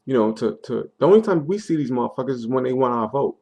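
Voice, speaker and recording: Angry swearing man with a gravelly voice. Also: medium pitch, animated, fast talker, few pauses, warm tone. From United States. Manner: frustrated, swearing, repeats himself. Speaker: vlogger. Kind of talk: angry video diary rant. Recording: dull lo-fi webcam audio.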